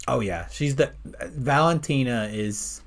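A man co-hosting a casual podcast chat, excitable and laughing often. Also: mid-range voice, a little slow. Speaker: podcast co-host.

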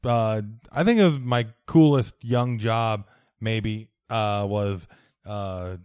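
A man co-hosting a podcast in relaxed casual chat, easygoing and unhurried with plenty of fillers. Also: on the low side, smooth, no echo, studio quality. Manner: laid-back, easygoing, many uh fillers. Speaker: podcast co-host.

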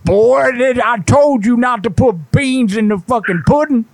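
A man voicing a cranky, foul-mouthed old grandpa ranting at a prank-call target in rough slang. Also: very high-pitched, measured pace, slight background noise, pitched above the performer's own voice, full character voice. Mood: irate grumbling. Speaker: prank caller.

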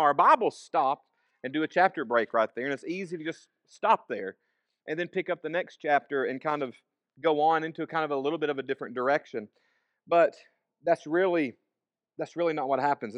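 Guy preaching, kinda high voice, dry close sound, reads scripture then just chats it through. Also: fairly bright tone, no echo. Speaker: pastor. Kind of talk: sermon.

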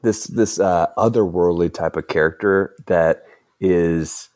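A man's voice: sits low, a little slow, darkish tone, no echo, studio quality. A male podcast host chatting casually and in a laid-back way, with lots of fillers and chuckles.

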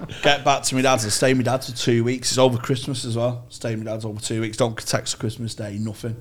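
A man's voice: medium pitch, little pitch movement, fast. A man, telling rambling, sweary anecdotes on a podcast. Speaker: podcast co-host. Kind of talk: casual storytelling chat.

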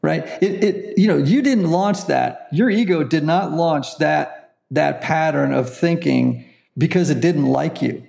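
Gravelly man explaining with "right?". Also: fairly high pitch, a little slow, darkish tone. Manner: earnest, explanatory, often adds "right?". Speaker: guest, counselor and author. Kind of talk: conversational interview.

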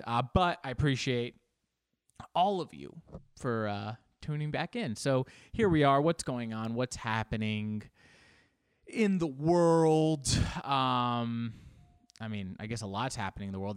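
Male podcast host, rambling self-mocking comic riffs, dry close sound, middle-pitched voice. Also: clean tone, no echo. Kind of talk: rambling comedic monologue.

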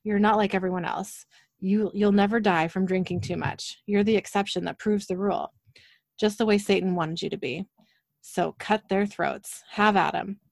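A woman reading out the lines of a sinister old man in a wheelchair, slow and low-key. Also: fairly even intonation, vocal fry, no echo. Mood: menacing.

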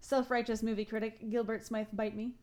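A podcast co-host from Ontario, Canada speaks briskly in a slightly high, level, somewhat mellow voice. On the casual show she moves between reading notes and chatting, laughs a lot, and peppers her speech with "like" and self-corrections.

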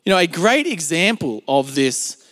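A man's voice: a little high, big pitch swings, normal speed, a bit bright, long reverb tail. A man with an Australian accent preaching a sermon in a conversational, storytelling way, full of filler words. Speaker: pastor. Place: church service, streamed.

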